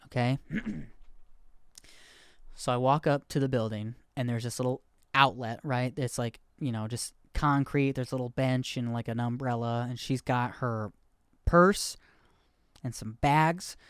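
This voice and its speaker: A man's voice: mid-range voice, a little slow, clean tone, no room sound, clean studio sound. A man in his thirties hosting a podcast, rambling candidly and poking fun at himself in casual chat. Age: 30s. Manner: rambling, candid, self-deprecating. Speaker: podcast host.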